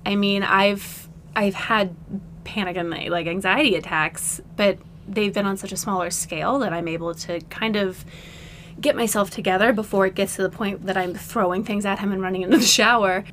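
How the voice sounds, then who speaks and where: A woman co-hosting a casual podcast, telling a story in an animated way and acting out what people said. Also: medium pitch, moderate pace, a little hiss or hum. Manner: animated storytelling, acts out quotes. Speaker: podcast co-host. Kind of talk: casual chat.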